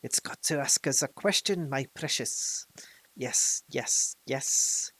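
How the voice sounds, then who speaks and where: A man's voice: mid-range voice, takes it slowly, a bit bright. Gollum, a man doing a hissing cave creature. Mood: wheedling. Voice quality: hissing, whispery. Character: slimy hissing cave creature, male, wretched and greedy. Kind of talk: storybook reading.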